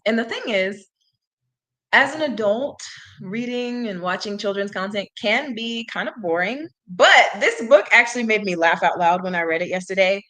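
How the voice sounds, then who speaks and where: Young woman host, casual, giggly, mid-pitched, reads to language learners. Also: lively intonation, moderate pace, a bit bright. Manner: giggly, chatty asides. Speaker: channel host reading to learners. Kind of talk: casual livestream read-aloud.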